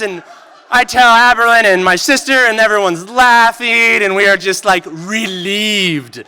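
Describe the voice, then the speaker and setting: Bright-voiced man telling a story on stage. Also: high-pitched, measured pace, a little hiss or hum. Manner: animated, peppered with "like". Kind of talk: live storytelling performance. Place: stage at a live storytelling event. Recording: long reverb of a venue hall.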